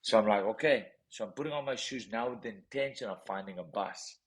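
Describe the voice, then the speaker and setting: On poor audio, a South African professional boxer speaks briskly in a lowish voice as a podcast guest. He tells a personal story intensely, repeating phrases often.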